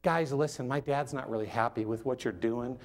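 A man acting out a mild, overly polite young man in a soft, apologetic, low voice, in a comic sermon aside. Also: brisk, soft background music, close to an everyday voice. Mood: mock-polite.

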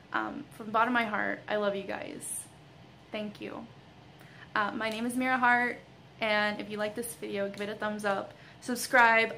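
A woman's voice: a little high, sharp tone, slight background noise, low-quality recording. A young woman, an author, talks casually to her fans in a vlog, gushing and giggly with lots of ums and likes. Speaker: author and vlogger.

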